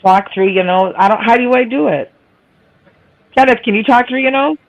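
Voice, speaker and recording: A woman's voice: a little high, moderate pace, muffled recording. Chatty nasal woman hosting a stream. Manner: chatty, teasing, laughs often. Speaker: live stream host. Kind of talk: casual chat.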